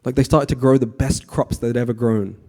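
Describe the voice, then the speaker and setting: A man giving a conversational devotional class to a temple audience, often asking the audience questions and pausing with fillers. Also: mid-range voice. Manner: frequent fillers and restarts, relaxed.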